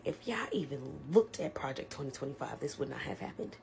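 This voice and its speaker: A woman ranting to camera in a whisper, upset after crying, her voice breaking into loud agitated bursts. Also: rumbling low, animated, a little fast, creaky. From United States.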